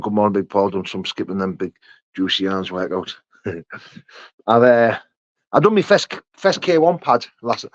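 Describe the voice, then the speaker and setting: Man, low voice, live chat host, greets viewers by name, dry dull-sounding mic. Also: no room sound. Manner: reads out viewer names and greets them, chatty and matey. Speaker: livestream host answering chat.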